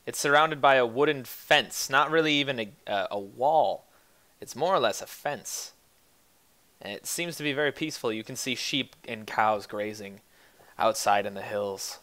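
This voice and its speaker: A man's voice: mid-range voice, a bit bright. A young man narrating as game master of a tabletop game, casual and profane.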